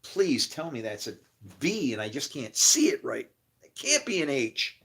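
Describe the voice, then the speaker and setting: A man's voice: medium pitch, sing-song, normal speed, a bit bright, breathy edge. A man on a rambling live stream, exasperated, swearing and laughing as he talks to his viewers. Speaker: streamer studying scripture.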